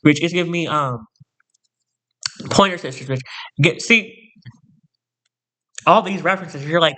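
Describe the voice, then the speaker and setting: A man's voice: a little high, normal speed, long pauses, sharp tone. A man ranting to camera in a storytime vlog, sassy, boastful and theatrical, repeating punchy catchphrases. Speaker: vlogger.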